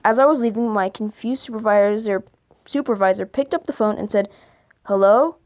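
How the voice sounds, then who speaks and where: Reading scary stories for a video, this woman creator occasionally trips over her words and stops to fix them. Her voice is medium-pitched and a little mellow.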